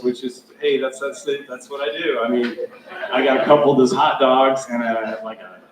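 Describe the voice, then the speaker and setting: A man's voice: mid-range voice, slight background noise. A man giving a rambling, self-mocking hall of fame speech, full of fillers. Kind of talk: storytelling acceptance speech. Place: school gym or hall. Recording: echoey hall, heard from a distance.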